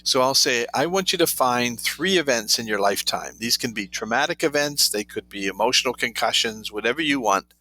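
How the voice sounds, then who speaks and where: With lively intonation and a brisk, bright, forceful mid-range voice, this male trauma therapy author tells interview stories packed with quoted dialogue. The recording is low-quality.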